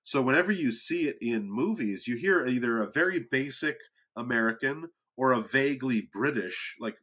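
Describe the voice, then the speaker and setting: A man's voice: medium pitch, expressive, normal speed, a bit bright. A man co-hosting a podcast, talking in a rambling, amused way with lots of restarts. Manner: rambling, self-interrupting, amused. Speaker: podcast co-host. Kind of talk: casual chat.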